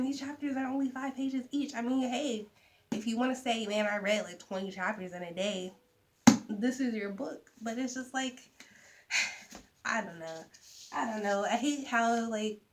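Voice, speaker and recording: A young woman chatting casually to camera about books, animated, with soft asides. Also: medium pitch, a little hiss or hum. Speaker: vlogger. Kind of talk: casual book chat to camera.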